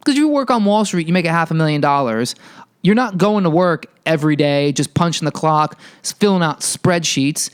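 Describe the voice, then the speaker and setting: A man's voice: on the high side, normal speed, clear, resonant tone. Heated, profane male podcast ranter. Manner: heated, profane, animated storytelling. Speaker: podcast host. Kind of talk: ranting monologue.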